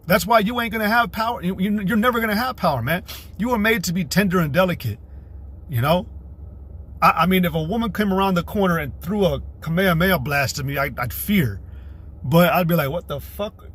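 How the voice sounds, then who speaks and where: Husky-voiced man ranting on a livestream. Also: high-pitched, brisk, fairly bright tone. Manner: combative and scornful, cursing freely; rambling, reads scripture aloud. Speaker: livestream host. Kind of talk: profane religious rant on a livestream.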